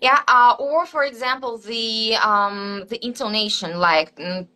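A woman's voice: a little high, a little slow, bright, forceful tone, low-quality recording. A woman, a language teacher, answering interview questions in an explanatory way with frequent fillers. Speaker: Spanish teacher and guest.

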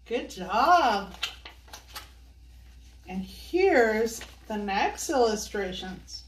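An older woman reads a storybook aloud to children, slow and coaxing, a little high in pitch. She sounds a distance from the mic in an echoey room. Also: sing-song, a little hiss or hum. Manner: slow, sing-song, coaxing questions to kids. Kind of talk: reading a picture book to children.

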